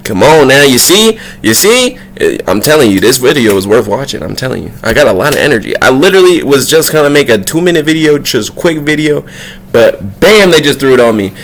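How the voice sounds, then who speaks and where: Excitable, slangy man vlogging. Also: medium pitch, brisk. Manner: excitable, slangy and profane, voice leaping up when worked up. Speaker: vlog host. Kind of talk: casual spiritual vlog monologue.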